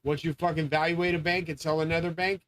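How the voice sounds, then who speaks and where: Male channel host, slightly high voice, rambling and profane, prone to yelling. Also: flat delivery, fast talker, poor audio. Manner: rambling, swearing, grandiose; often yelling. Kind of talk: profane monologue rant.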